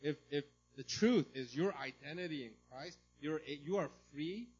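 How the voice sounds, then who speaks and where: A man preaching a sermon as a pastor, in a conversational way, often checking in with "right?" and now and then breaking into loud mimicry. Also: fairly high pitch, lively intonation, moderate pace, husky, dull audio.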